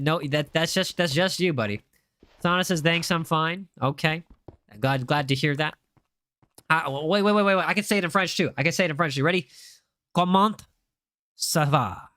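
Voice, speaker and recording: A man's voice: a little high, fairly bright tone, no room sound, studio quality. A young man with a mix of Spanish and American accent, chatting casually with viewers while building in a game and teasing them as he reads their messages. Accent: mixed Spanish and American. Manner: joking, teasing viewers, reads chat aloud. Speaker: streamer. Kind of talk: casual live-stream chat while playing.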